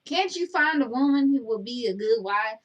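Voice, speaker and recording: A woman's voice: fairly high pitch, normal speed, highs cut off. Daisy, sassy Southern woman, played by a woman. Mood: bossy. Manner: scolding, bossy, animated storytelling. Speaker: co-host. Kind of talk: comedic character chat reading comments.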